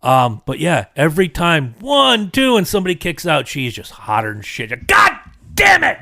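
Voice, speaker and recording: In casual conversation, a middle-aged man who hosts a podcast spins a meandering story laced with profanity. Seasonal allergies leave him slightly congested and coughing. His somewhat high, gravelly voice has a sharp tone and big pitch swings at a moderate pace, with no room sound in the audio.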